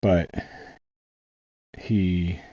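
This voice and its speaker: A man's voice: sits low, flat delivery, drawn-out words, warm tone, no echo, lo-fi sound. An American man hosting a reaction video, chatting casually and searching for his words as he thinks aloud. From United States. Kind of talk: casual commentary.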